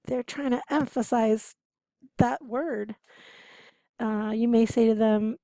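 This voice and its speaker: Woman teacher explaining things casually, kinda gravelly voice, asks a lot of questions. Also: fairly high pitch, steady tone, slow, pauses often, mellow, dry recording. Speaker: interpreting instructor. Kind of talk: lecture to students.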